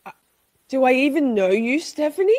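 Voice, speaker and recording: A woman's voice: high-pitched, big pitch swings, normal speed, darkish tone, dry recording, studio quality. A woman hosting a live stream, chatting casually with viewers. She is playful, laughs often, swears freely and talks straight to her audience. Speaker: livestream host.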